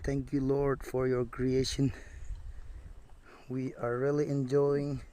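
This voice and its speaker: A man vlogging while hiking a rocky mountain outdoors, talking in slow, awed and nervous exclamations. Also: mid-range voice, monotone. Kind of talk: casual outdoor vlog narration. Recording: noisy outdoor phone recording. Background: outdoor noise.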